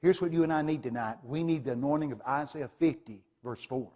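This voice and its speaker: A man preaching a sermon, retelling a vision in a dramatic, animated way with sudden loud exclamations. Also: mid-range voice, brisk. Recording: long hall reverb.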